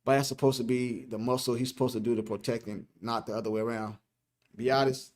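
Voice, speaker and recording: A man's voice: medium pitch, fairly even intonation, fast talker. A man hosting a casual sports live stream, reading the chat aloud, joking, laughing and repeating himself.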